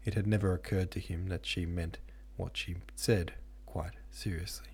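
A man reading a classic novel aloud as an audiobook narrator, measured and steady. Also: low voice, slightly rough. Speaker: podcast host and audiobook reader.

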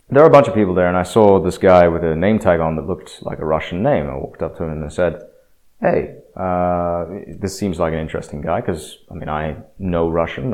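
A man's voice: sits low, darkish tone. A man talking in a reflective, self-deprecating casual monologue, hesitant with many fillers and restarts. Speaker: speaker sharing experience.

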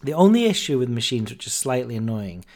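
Male podcast host, mid-pitched, casual storyteller who acts out the dialogue. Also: a little fast. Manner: chatty, animated anecdote-telling with fillers and quoted dialogue.

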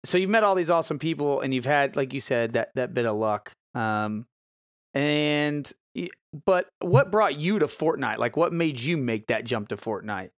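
A man's voice: medium pitch, lively intonation, moderate pace, no room sound, clean studio sound. A man hosting a gaming podcast, asking rambling, hesitant questions. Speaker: podcast host. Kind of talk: podcast conversation.

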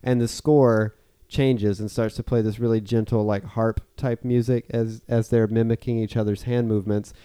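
A man's voice: lowish voice, flat delivery, moderate pace, hardly any pauses, warm tone, clean tone, dry recording, studio quality. A man in a casual podcast discussion about films, talking thoughtfully and meandering with restarts. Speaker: podcast panelist.

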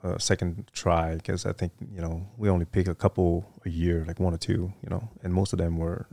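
A middle-aged retired Marine officer, a guest in a casual interview, tells stories full of fillers and restarts. His low, dark voice is flat and a little fast, and the recording is dry.

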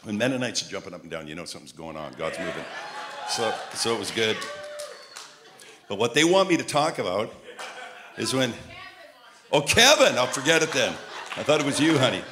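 An older male preacher from Montreal, telling humorous stories in his sermon and rising to loud, emphatic peaks. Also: on the low side, big pitch swings, a little fast, pauses often, background noise. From Montreal, Canada.

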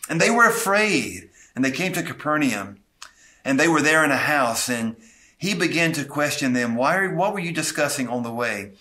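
A man's voice: medium pitch, expressive, normal speed, sharp tone. A male pastor preaching an expository sermon, earnestly retelling scripture with asides and small restarts.

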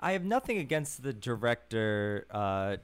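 Excitable man going off on tangents. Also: mid-range voice, unhurried, music in the background. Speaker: podcast co-host. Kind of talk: casual film chat.

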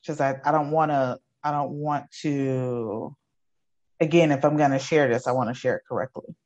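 A woman's voice: extremely low pitch, steady tone, moderate pace, a little mellow, muffled recording. A woman in her forties, an educator, giving an emotional personal testimony in an earnest, repetitive storytelling way. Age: 40s. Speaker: guest, educator.

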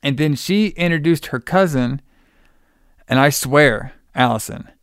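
Man, fairly high smooth voice, casual movie recap, swears and laughs, dry close sound. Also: a little slow, no room sound. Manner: animated storyteller, swears a lot, laughs often.

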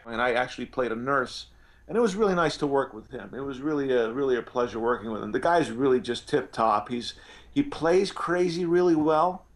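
A man's voice: mid-range voice, animated, brisk. Rambling male actor telling stories. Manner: rambling, with many restarts and fillers. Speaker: actor guest. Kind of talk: anecdotal interview storytelling.

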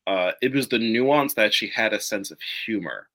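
A comic writer talking casually as a guest, animated and prone to laughing. His voice is bright and forward, and it rises and falls a great deal. He fills his speech with casual fillers. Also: fairly low pitch, moderate pace. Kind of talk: casual conversation.

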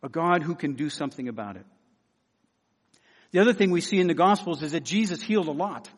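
An earnest man delivering a sermon, his voice sitting a touch high for a man. He leans on repeated phrases for emphasis and sinks into hushed, pleading tones. A long reverb trails each phrase. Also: animated, a little fast, breathy edge. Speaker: preacher.

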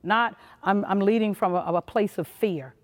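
A woman's voice: medium pitch, normal speed. Emphatic woman speaking in a reverberant hall. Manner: emphatic, punchy, acts out little quoted voices. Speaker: motivational conference speaker. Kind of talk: motivational leadership talk.

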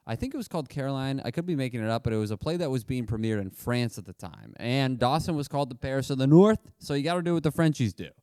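A man's voice: mid-range voice, lively intonation, fast, few pauses, warm tone, clean tone, no room sound, studio quality. A man co-hosting a casual comedic history podcast, telling stories with playful jokey asides, recorded in a basement. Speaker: podcast co-host. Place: unheated basement.

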